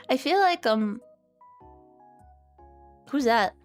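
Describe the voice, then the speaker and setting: A woman's voice: sits high, lively intonation, extremely slow, faint music behind. A woman streamer chatting casually on a livestream, laughing often, swearing and mocking herself. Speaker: VTuber streamer.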